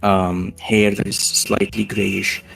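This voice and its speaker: A man narrating a tabletop game as game master, halting often and filling gaps with fillers. He speaks very slowly in a gravelly, low voice while faint music plays behind him. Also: level tone, fairly bright tone. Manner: slow, halting, with many fillers.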